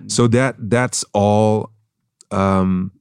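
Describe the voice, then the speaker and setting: Low-voiced middle-aged guy, slight german accent, thoughtful, lots of ums, dry mic. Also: steady tone, creaky, darkish tone, smooth, no echo. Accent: light German. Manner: reflective, measured, with frequent fillers. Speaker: guest, actor and former tennis player. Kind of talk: casual interview chat.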